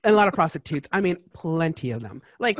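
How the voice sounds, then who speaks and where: A man talking as a tax strategist guest in a casual interview, lively and chatty with lots of asides. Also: fairly high pitch, fast talker, dry recording.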